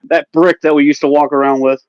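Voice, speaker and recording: Chill guy on a video call, slightly higher voice, dry close sound, easy jokes. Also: flat delivery, brisk, a little mellow, no room sound, highs cut off. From United States. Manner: easygoing, dry joking. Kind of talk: casual chat.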